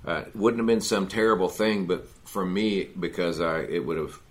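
A man's voice: deep voice, normal speed. A man teaching a men's Bible study in a folksy, conversational sermon style, often adding "you know" and "see".

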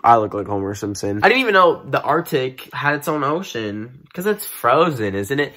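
A man in his twenties talking to camera in a casual, playful vlog, mocking himself and jumping between loud outbursts and mumbled asides. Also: medium pitch, big pitch swings, normal speed. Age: 20s. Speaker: YouTuber. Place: room with bookcases.

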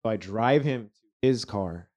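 A man telling a story in casual chat, profane and animated, acting out the people he quotes. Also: on the low side, measured pace.

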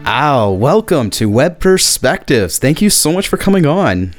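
A man hosting a podcast, reading a scripted intro and asking interview questions in a clear, announcer-like way. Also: on the high side, very animated, a little slow, faint music behind. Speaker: podcast host.

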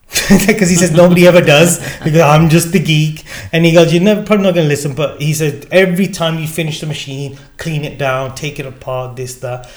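A man, a gin distillery founder, telling a lively story in conversation and acting out the dialogue. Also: a little fast. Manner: acts out quoted dialogue with changing pitch. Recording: echoey room.

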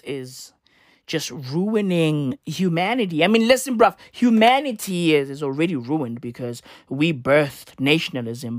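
A woman's voice: fairly low pitch, no room sound, clean studio sound. A woman delivering a comedic news rant in a profane, slangy, rambling way that keeps circling back to the same tags. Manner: repeats filler tags.

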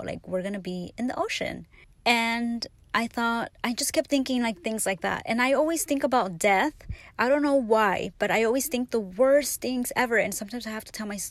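A woman's voice: medium pitch, no echo. A woman hosting her podcast, talking through personal stories in a rambling, candid, emotional way with lots of fillers. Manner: grows animated and anxious in later stretch. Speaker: podcast host. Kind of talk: casual confessional monologue.

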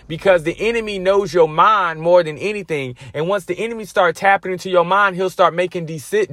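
A man telling a personal faith testimony to his podcast listeners. His voice sits slightly high, and he talks in a loose, slangy way, often restarting sentences. The recording is dry and close. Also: fairly bright tone, dry recording. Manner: casual storytelling with slang and restarts. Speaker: podcast host.

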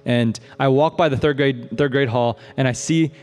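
A man from the Midwestern United States preaching a sermon in a casual, animated storytelling style, often asking "right?" and using fillers. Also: medium pitch, normal speed. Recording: long hall reverb.

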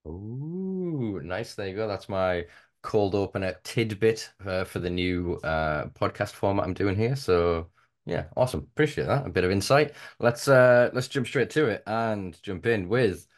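A man's voice: deep voice, moderate pace. A man hosting a podcast in casual chat, laid-back and sweary, laughing at his own fumbles. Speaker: podcast host.

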